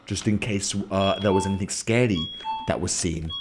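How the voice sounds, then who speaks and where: A man's voice: low-pitched, moderate pace, music in the background. A man hosting a let's play, talking nervously to his viewers and stammering when spooked. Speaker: gaming video host.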